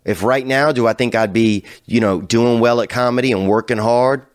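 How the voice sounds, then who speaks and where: A man hosting a casual talk show, telling a rambling, profane story that drifts from low mutters to loud hyped bursts. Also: moderate pace, no echo, clean studio sound. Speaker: podcast host.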